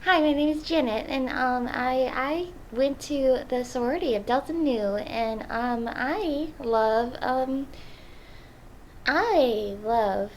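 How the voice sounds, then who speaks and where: A woman putting on a bubbly young American sorority girl, speaking slowly and haltingly. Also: sits high, slight background noise. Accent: American, put on. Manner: slow, halting and sing-song.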